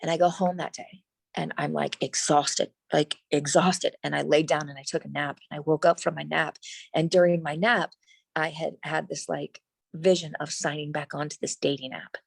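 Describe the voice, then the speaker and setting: Husky low-voiced middle-aged woman storyteller. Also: normal speed, no echo, poor audio. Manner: animated, emphatic, many restarts. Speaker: interview guest. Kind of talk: casual personal storytelling.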